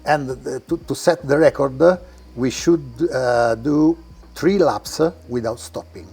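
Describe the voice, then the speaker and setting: A man with an Italian accent, a car collector giving a tour of his garage and talking in halting English with many restarts. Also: medium pitch, gravelly, darkish tone, slightly rough. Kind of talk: casual interview while walking a car collection. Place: indoor garage.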